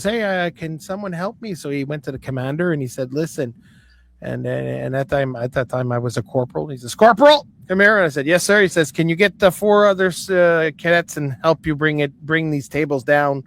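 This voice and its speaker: A man telling a story in casual chat, animated and swearing freely. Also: a little high. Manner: animated, swears freely, acts out quoted voices. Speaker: guest.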